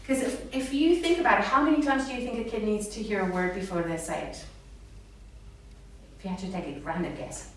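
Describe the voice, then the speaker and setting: Animated woman speech therapist, echoey room. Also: a little high. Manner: animated, models words in a sing-song voice. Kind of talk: live talk to parents. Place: hall with a live audience. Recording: echoey room, mic far off, faint noise.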